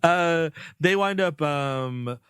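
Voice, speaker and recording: A man's voice: fairly high pitch, extremely slow, a bit bright, smooth, no room sound, studio quality. A man co-hosting a comedy podcast, loosely recapping a film's plot with filler words and jokey quotes. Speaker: podcast co-host. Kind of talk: casual comedic movie-review chat.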